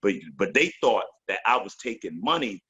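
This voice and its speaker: Husky-voiced man telling profane stories. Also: fairly low pitch, lively intonation, normal speed, bright, forceful tone, dull audio. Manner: profane, loose storytelling with voiced quotes. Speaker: guest, veteran MC. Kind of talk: casual interview storytelling.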